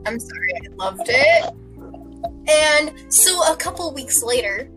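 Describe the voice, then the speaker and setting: A woman's voice: high voice, lively intonation, slow pace, bright, forceful tone, soft background music, low-quality recording. A young woman casually telling a rambling story, giggling and acting out what people said. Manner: rambling, giggly, acts out quotes. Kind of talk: casual chat.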